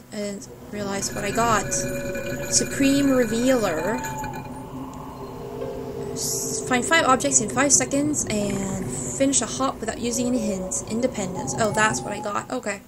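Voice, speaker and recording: A woman's voice: on the high side, steady tone, fairly quick. A woman hosting a gaming video, chatting playfully and exclaiming at objects she finds, over game music. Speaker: let's play host. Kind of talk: gaming commentary.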